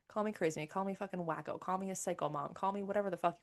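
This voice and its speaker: A woman's voice: lowish voice, very fast, vocal fry, hardly any pauses. A woman in her thirties talking candidly as a podcast host, emphatic and swearing freely, often repeating her phrases. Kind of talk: candid monologue.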